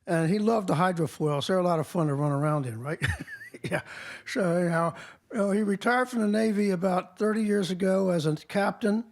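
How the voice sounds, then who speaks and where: A man's voice: high-pitched, fairly quick, gravelly. A man hosting, introducing a guest speaker in a chatty, loose way. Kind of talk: casual introduction.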